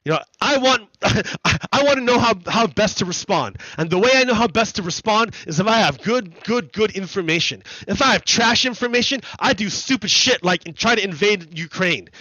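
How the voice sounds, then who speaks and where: A livestream host with a high-pitched, sharp voice rants heatedly during a gaming stream, his commentary profane and repetitive. He uses a streaming desk mic, and the audio is dull with no echo.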